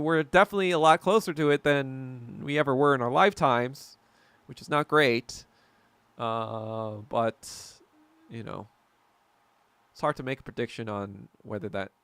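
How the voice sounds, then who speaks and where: A man in his thirties hosts a loose fireside-style podcast chat, wandering from one tangent to the next. His mid-pitched voice has a gravelly edge, and he restarts sentences often, swearing freely. The sound is close and dry, with little room around it. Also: fairly bright tone, no room sound. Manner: rambling, profane, self-interrupting with tangents. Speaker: podcast host reading chat. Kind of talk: casual livestream chat.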